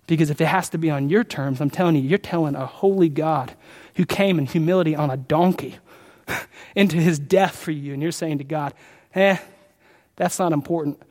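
Male pastor, high voice, passionate sermon with loud peaks and quiet pleas, long hall echo. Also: a little fast. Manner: impassioned preaching, swinging between loud peaks and quiet pleas. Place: large church sanctuary.

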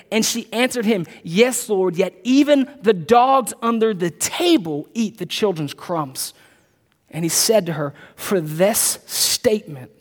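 Emphatic preacher in a reverberant hall. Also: male voice, sits high, a little mellow. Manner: emphatic, repeats key points, slows to read scripture. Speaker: pastor. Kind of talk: sermon.

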